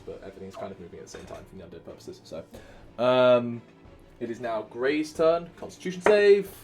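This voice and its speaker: A man from Wales with a Welsh accent, narrating as dungeon master, counting dice aloud and humming filler sounds. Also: lowish voice. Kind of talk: narrating a tabletop game.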